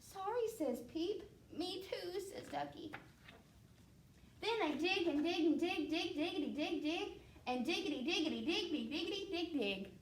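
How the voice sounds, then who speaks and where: A woman librarian reading a children's picture book aloud in a playful, animated way, with sound effects. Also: extremely high pitch, moderate pace, slight background noise. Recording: echoey room, mic at a distance.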